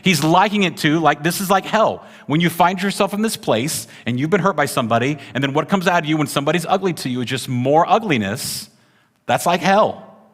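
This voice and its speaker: A pastor with a highish voice and lively intonation preaches briskly to a congregation in a large hall. He's chatty and talks with the room, often checking in with "right?"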